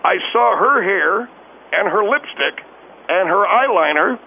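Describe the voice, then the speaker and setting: A touchy, stammering caller, as a man puts him on, with a high, gravelly voice that keeps tripping over itself. He sounds squeezed through a thin phone line with a faint hiss behind him. He stays flustered and on the defensive. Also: expressive, measured pace, heavily acted. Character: flustered middle-aged male radio caller, defensive and touchy.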